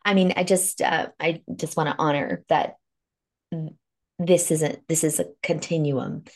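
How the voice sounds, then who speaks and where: A woman with a low, gravelly voice tells her story on a podcast. She is frank and emotional and swears without a second thought. She sounds like a life coach speaking from her own experience. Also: steady tone, measured pace. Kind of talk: candid conversational podcast talk.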